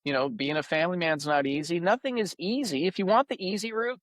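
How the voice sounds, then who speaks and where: Passionate man with a higher voice. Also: fast, no room sound. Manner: emphatic, preachy, animated. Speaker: podcast host. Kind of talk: passionate interview talk.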